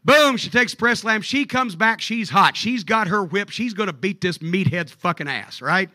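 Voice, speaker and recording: A man telling profane stories on stage at a live comedy club show, animated and jokey. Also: sits high, moderate pace, dry recording.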